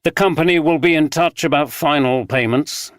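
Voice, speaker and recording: A narrator giving voice to a dejected film director in a storybook, earnest and a little bitter. He sits slightly above the reader's normal pitch, in a dry, close recording. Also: moderate pace, dry recording, natural voice.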